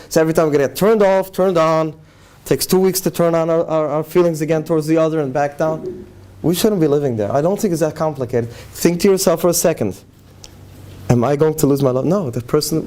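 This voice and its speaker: Earnest heartfelt man, mellow voice. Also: fairly high pitch, quick pace, few pauses. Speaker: speaker addressing parents. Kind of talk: emotional talk to a live audience.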